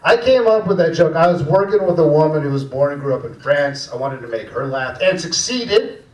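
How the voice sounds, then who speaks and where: A man performing a slow, deadpan stand-up set in a small cafe room. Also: a little high, recorded from a distance, highs cut off. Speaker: stand-up comedian. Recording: echoey room, mic heard from afar.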